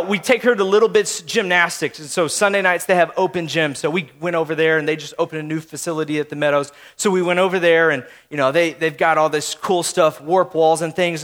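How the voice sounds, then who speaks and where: A man's voice: on the high side, a bit bright. A man in his thirties preaching a sermon, telling family stories in a casual, conversational way and speaking straight to his listeners. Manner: storytelling, conversational, speaks to the audience. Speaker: pastor.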